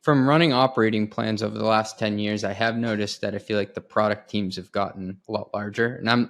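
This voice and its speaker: A man hosts a podcast and puts a question to his guest. His voice sits fairly low, and he hedges his words with care as he thinks aloud. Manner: reflective, hedging questions. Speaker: podcast host. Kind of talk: interview questions.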